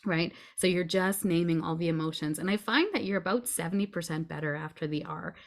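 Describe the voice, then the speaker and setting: A woman's voice: lowish voice, fairly quick. A woman guest on a podcast, a grief coach explaining her method step by step in a reassuring way. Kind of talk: podcast conversation.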